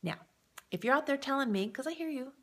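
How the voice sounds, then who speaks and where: A woman's voice: high voice, animated, fast, a bit bright. A woman giving an upbeat, casual sales training talk, chatting straight to the viewer and often checking in with them. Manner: upbeat and encouraging. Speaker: direct-sales presenter.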